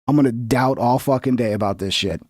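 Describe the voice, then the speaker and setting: A man's voice: medium pitch, a little fast, darkish tone, dry recording, clean studio sound. A man streaming reaction commentary in a sarcastic, profane, mocking rant.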